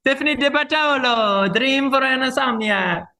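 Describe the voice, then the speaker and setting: A man's voice: very high-pitched, normal speed, pushed and bright, pitched above the performer's own voice, full character voice. A man putting on an exaggerated fake Italian-American accent, hammy and over the top.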